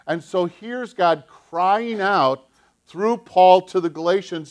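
A male pastor preaching a sermon, animated, acting out the voices he quotes. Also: high voice, slow.

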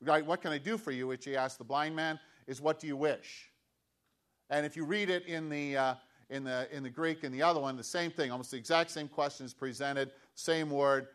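A pastor preaches in a loose, conversational way, circling back with restarts. His voice sits a little high for a man, and he drives his points home with repeated, emphatic questions. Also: fairly even intonation, brisk, fairly bright tone. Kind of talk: sermon.

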